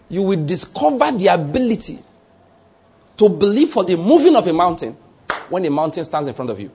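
A Nigerian preacher delivers a sermon in a slightly raised, husky voice. He is animated and conversational, slipping into little voices to act out scenes. He keeps asking whether the listener gets his point. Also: sits high, a little fast. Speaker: pastor.

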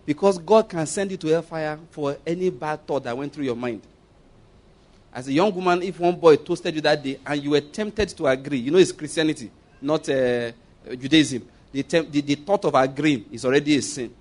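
A man's voice: fairly high pitch, moderate pace, a little mellow. A man preaching a sermon, telling stories and jokes with emphatic, acted-out quotes.

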